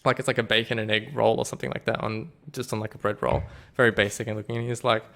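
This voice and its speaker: A man's voice: lowish voice, steady tone, fast talker, gravelly, fairly bright tone. A young man co-hosting a podcast, telling rambling stories packed with "like" fillers and laughing at his own jokes. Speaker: podcast co-host. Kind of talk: casual storytelling chat.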